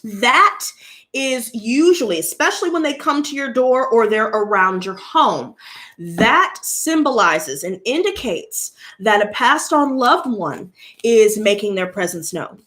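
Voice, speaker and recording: A woman tarot reader chatting casually to her viewers, telling an animated story and addressing them directly. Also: a little high, a little slow.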